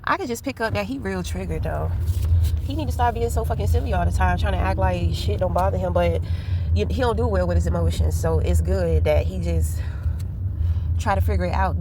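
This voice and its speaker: A vlogger with a fairly low female voice talks fairly quickly while driving, car noise audible in the background. She tells a rambling, candid story packed with profanity.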